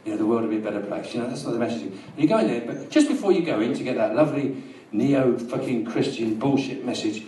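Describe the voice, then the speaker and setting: A London comedian spins a long, absurd story with dry deadpan timing. He is recorded from a distance in a small live venue, so his voice has a roomy echo. The audience's laughter rolls up clearly behind him. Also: mid-range voice, fast talker, slight background noise. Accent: London English. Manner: rambling deadpan storytelling, bursts into loud rants. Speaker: stand-up comedian. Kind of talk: stand-up routine.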